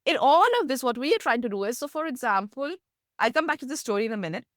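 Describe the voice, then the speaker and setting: A woman, a meditation teacher, explaining mindfulness through gentle stories in an interview. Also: fast, no room sound, clean studio sound. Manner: gentle storytelling, lively pitch, laughs softly.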